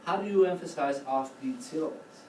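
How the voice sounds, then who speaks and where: Captured distantly in an echoey, noisy rehearsal room, a man leads a choral conducting class with a choir present. His voice is a little high with a darkish tone at normal speed, and he explains patiently, singing short phrases to demonstrate.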